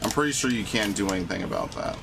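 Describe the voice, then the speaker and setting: A man's voice: deep voice, wildly swooping pitch, fast talker, vocal fry, background noise. A man streaming a video game, talking casually in a profane, grumbling, ranty way. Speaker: gaming streamer. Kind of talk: casual live-stream commentary. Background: game music.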